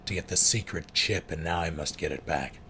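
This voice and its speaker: A man's voice: sits low, fairly quick, pushed and bright, slight background noise. A man voicing a young female thief who pleads urgently in clipped, broken phrases.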